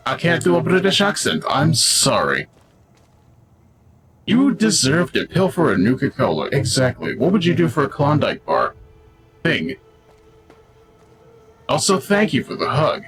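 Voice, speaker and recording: A man's voice: fairly high pitch, wildly swooping pitch, measured pace, pauses often, fairly bright tone. A male streamer joking his way through a game, with a voice that swoops up and down all over the place. He sounds goofy and off the cuff, and faint music plays underneath. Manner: goofy and jokey, riffs on the game. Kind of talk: casual gameplay commentary.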